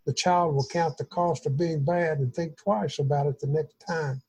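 A man's voice: a little high, normal speed, darkish tone, breathy edge, low-quality recording. A man leading an informal Bible study, teaching in a folksy, rambling way. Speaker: pastor.

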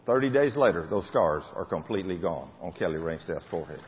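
A man's voice: low voice, animated, fairly quick, a little hiss or hum. An older man giving a fervent testimony sermon, repeating key phrases with emphasis. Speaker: preacher. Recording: muffled hall recording.

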